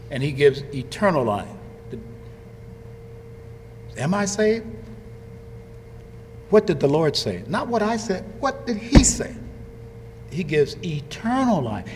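A man preaching an animated sermon, swinging from low quiet asides to high shouted lines and acting out quoted voices. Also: a little slow, slight background noise. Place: church. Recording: long hall reverb.

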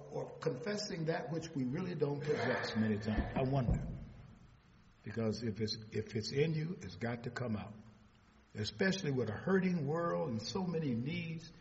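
An older man preaching a sermon. He retells conversations as stories and rises into loud, high-pitched bursts. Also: a little hiss or hum. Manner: retells exchanges in a storytelling voice. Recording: dull audio with long hall reverb.

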